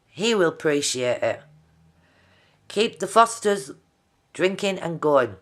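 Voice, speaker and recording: A woman's voice: deep voice, big pitch swings, takes it slowly, long pauses, a bit bright. A middle-aged woman, talking heartfelt and direct to her viewers in a video diary. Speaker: vlogger.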